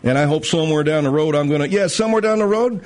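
A man's voice: a little high, quick pace, darkish tone. A man hosting a talk show, ranting bluntly and mockingly, often acting out other people's lines. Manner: blunt, profane, mocking, puts on voices of others. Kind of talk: ranting commentary with acted-out dialogue.

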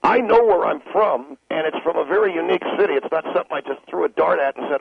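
A man's voice: fairly high pitch, expressive, fast talker, creaky, hardly any pauses, breathy edge. A man on a talk radio show, mocking and interrupting callers in combative banter. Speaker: in-studio guest. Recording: phone-like narrow band.

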